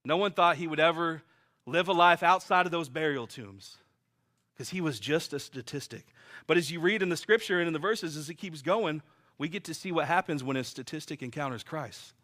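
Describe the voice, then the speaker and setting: A man's voice: on the high side, expressive, fairly quick, sharp tone. A man preaching a sermon and sharing his own testimony, telling stories in a vivid, earnest, emphatic way.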